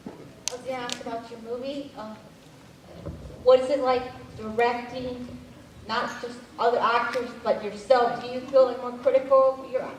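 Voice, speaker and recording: A woman's voice: a little high, fairly even intonation, moderate pace, slight background noise. A woman in the audience politely and tentatively asking a question. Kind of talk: Q&A question from the floor. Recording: very echoey hall from far off.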